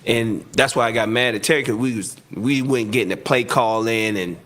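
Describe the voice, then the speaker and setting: A man telling football stories in a casual interview, acting out quotes loudly and laughing often. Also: medium pitch, moderate pace. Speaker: retired football receiver, guest.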